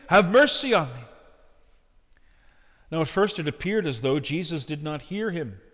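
A man preaching a sermon with earnest emphasis, swinging between loud and hushed. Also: mid-range voice, long reverb tail.

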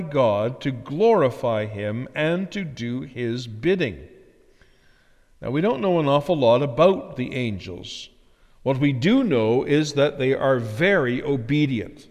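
A man preaching a sermon as pastor, earnest, slowing down and rising for emphasis. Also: medium pitch, expressive, a little mellow, in a large hall.

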